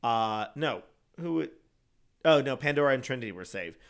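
A man in casual chat recapping a show, blunt and swearing, quoting people in animated voices. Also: mid-range voice, moderate pace.

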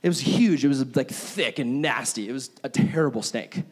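A young man preaching a casual, conversational sermon and telling stories, animated and acting out his own reactions. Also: medium pitch, moderate pace. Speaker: pastor. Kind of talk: sermon with personal storytelling.

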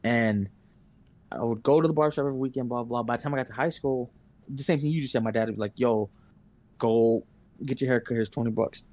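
A man's voice: mid-range voice, fast, darkish tone. A young man co-hosting a podcast, telling long stories in casual chat, full of fillers and swearing. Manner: rambling storyteller, heavy swearing and fillers. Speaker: podcast co-host.

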